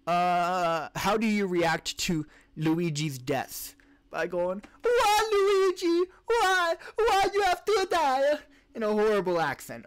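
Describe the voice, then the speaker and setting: He's a podcast host and live streamer whose voice sits slightly above the usual male pitch. Speaking into a desk mic during a relaxed live Q&A, he answers chat questions off the cuff, rambling, restarting and correcting himself.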